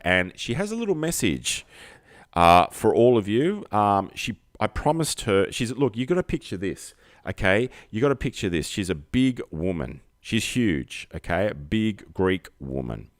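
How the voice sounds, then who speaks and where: A man's voice: deep voice, dry recording, studio quality. A man hosting a livestream, rambling through a comic monologue with self-mocking jokey asides. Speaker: livestream comedy host.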